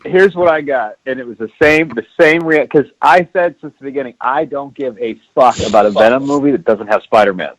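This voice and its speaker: A man on a podcast, telling a story with heated, profane energy. His voice is mid-pitched, and the sound is dry and close. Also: a little fast, few pauses, dry recording, poor audio. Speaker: podcast guest. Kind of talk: casual podcast chat.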